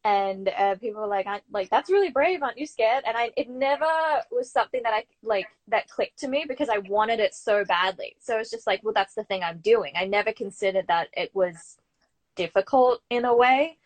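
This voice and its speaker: A young Australian woman, an actor, telling her story in a chatty, animated way as an interview guest. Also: mid-range voice, normal speed. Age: young adult. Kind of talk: casual interview chat.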